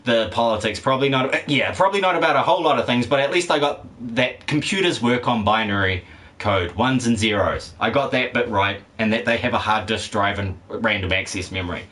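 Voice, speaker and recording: A man's voice: on the low side, expressive, a little fast, bright, forceful tone. Rambling, joking male game streamer. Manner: rambling, jokey, swears and laughs often. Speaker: game streamer reading chat. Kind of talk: casual live-stream chat.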